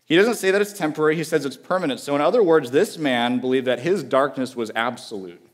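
A man giving a sermon as a guest preacher, talking in an earnest, conversational way with emphatic repetition and dropping to a quiet, low voice on key phrases. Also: fast talker.

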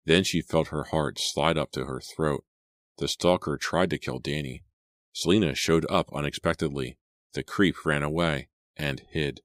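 A man narrating a horror audiobook in a measured, suspenseful read on a close mic. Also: rumbling low, a bit bright, no room sound.

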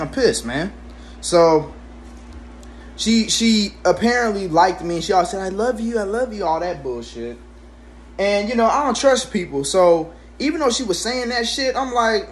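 A man in his twenties telling a casual storytime rant at home, swearing constantly and jumping into sudden high exclamations. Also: slight background noise. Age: 20s. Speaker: vlogger.

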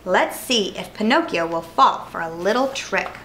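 A woman's voice: mid-range voice, expressive, normal speed, a bit bright, slight background noise, natural voice, rough recording. A woman voicing a sly fox con man who talks in a grand, wheedling way. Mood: scheming.

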